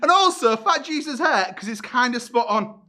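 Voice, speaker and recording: A man's voice: extremely high pitch, expressive, normal speed, pushed and bright. A man, doing a self-deprecating stand-up comedy set with punchy delivery. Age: 30s.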